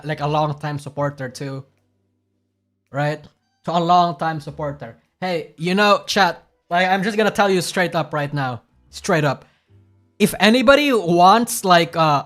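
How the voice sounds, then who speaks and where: A man's voice: on the high side, fairly bright tone. A man casually commenting as a streamer reacting to clips, profane, rambling and self-deprecating.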